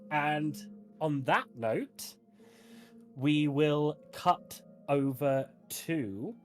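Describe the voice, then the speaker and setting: A woman narrating as game master of a tabletop game in an unhurried way, with hesitant fillers. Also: sits low, soft background music.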